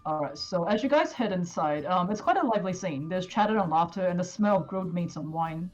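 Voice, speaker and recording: A woman narrating as game master of a tabletop game, casual and halting, with many fillers. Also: on the low side, animated, a little mellow, highs cut off, faint music behind.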